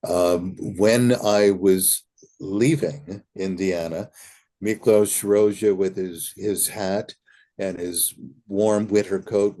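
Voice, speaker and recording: A man's voice: low voice, dark tone. An older man, an interview guest, earnestly telling anecdotes and acting out remembered conversations. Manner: earnest storyteller who acts out remembered dialogue. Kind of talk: reminiscing anecdotes.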